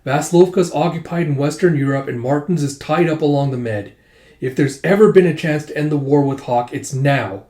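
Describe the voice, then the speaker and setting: A man reading a stern, fiery woman who heads a crime family, sharp and commanding. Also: medium pitch, fast, echoey room, lightly acted. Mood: angry. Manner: sharp, commanding, flares into shouting.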